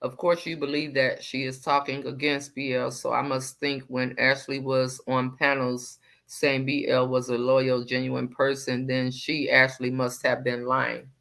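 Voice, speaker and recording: Sassy low-voiced woman with a bright edge. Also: a little slow, vocal fry, few pauses. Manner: sassy, animated, swings from low muttering to loud exclamations. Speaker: livestream host reading viewer comments. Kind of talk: casual livestream chat.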